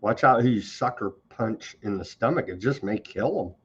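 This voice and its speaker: A man's voice: on the low side, moderate pace, slightly rough, highs cut off. A man hosting a news commentary show, reading on-this-day items and mocking them with heavy sarcasm. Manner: sarcastic, mocking, scornful of government. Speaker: host.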